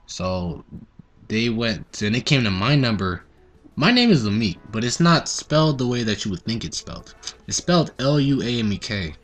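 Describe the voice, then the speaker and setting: A teenage boy hosting his own gaming video, chatting casually and telling animated stories while he plays. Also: mid-range voice, moderate pace, faint music behind. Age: teens. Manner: rambling, animated storytelling. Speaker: gaming channel host. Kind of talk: casual gameplay commentary.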